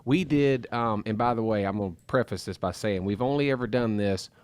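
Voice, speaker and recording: A man co-hosting a podcast speaks in a fairly low voice. He tells anecdotes in a casual way and sometimes restarts his sentences. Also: fairly quick, darkish tone, clean tone. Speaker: podcast co-host.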